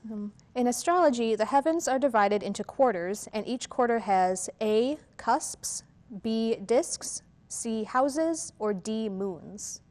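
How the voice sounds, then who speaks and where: A woman moderating a quiz competition, reading questions and rulings in a measured, formal way with an occasional "um". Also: a little high, animated, darkish tone.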